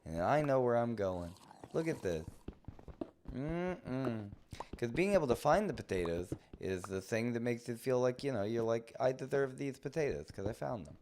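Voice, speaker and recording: A male livestreamer talking over his gameplay with a lively, swooping delivery. He rants in mock outrage and jumps into high, excited outbursts before settling back down. Faint hiss sits under his voice. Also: normal speed. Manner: animated, mock-indignant playful ranting. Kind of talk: live gameplay commentary.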